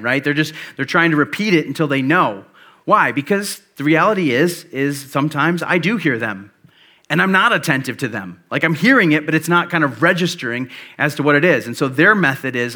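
A man's voice: medium pitch, animated, fairly quick, bright, forceful tone. A man in his thirties, a pastor preaching a sermon in a loose, conversational way, telling stories with plenty of fillers. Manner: conversational storytelling with many fillers.

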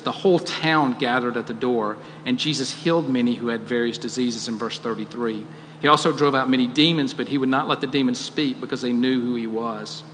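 A man's voice: mid-range voice, fairly bright tone, slight background noise. A man preaching a sermon, earnest and questioning, rising to emphatic peaks. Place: church auditorium. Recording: long hall reverb, faint ambience.

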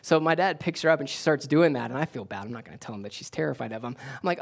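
A man with a mid-range voice preaches a sermon from the pulpit as a pastor. He repeats his key lines for emphasis and restarts his sentences as he goes. On the points he presses hardest, his voice climbs higher and louder. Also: expressive, rapid-fire, gravelly, few pauses.

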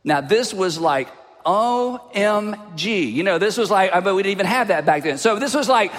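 A man preaching a sermon as a pastor, telling a personal story in an animated way and dropping his voice low for asides. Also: fast talker. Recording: long hall reverb.

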